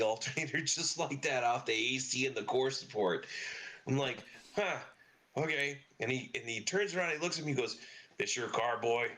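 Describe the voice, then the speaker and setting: A man's voice: mid-range voice, a bit bright. A middle-aged man, a guest on a podcast, telling long casual stories full of fillers and swearing. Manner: swears freely, rambling anecdotes with lots of fillers. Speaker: podcast guest, car parts business owner. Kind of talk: casual storytelling interview.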